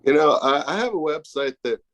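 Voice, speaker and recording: Um homem convidado numa entrevista casual por chamada de vídeo, que fala de modo modesto e hesitante, com muitas pausas. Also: male voice, a little high, expressive, a bit bright. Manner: modest, hesitant, with many fillers. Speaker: guest, pedal maker. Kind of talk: casual video-call interview. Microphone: phone on a video call.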